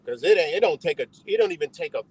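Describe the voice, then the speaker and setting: Husky, animated man ranting on a livestream. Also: a little high, fast, poor audio. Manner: rambling, profane, confrontational; answers chat directly. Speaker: livestream host. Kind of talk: ranting live stream talk.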